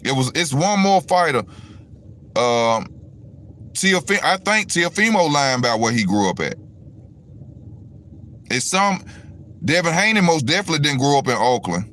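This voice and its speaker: A man's voice: fairly high pitch, big pitch swings, moderate pace, pauses often, a bit bright, slight background noise. A man hosting a casual boxing talk stream, rambling and swearing as he talks straight to his viewers. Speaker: boxing commentary host. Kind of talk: casual livestream rant.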